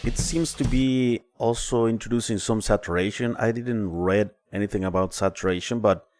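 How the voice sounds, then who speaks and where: A man's voice: lowish voice, fairly even intonation, normal speed, a little mellow. A man hosting a casual music production livestream, explaining plugins with frequent fillers and restarts. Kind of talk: casual live-stream plugin demo.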